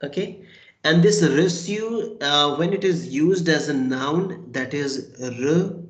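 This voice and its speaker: A man's voice: a little high, slow. A man teaching a French class, patiently repeating and spelling out words. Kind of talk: online language class. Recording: roomy echo.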